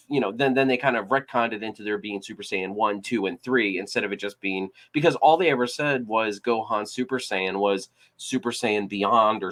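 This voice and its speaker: Rambling with frequent fillers and restarts, this male podcast co-host keeps the discussion casual. His voice sits on the low side with a fairly bright tone.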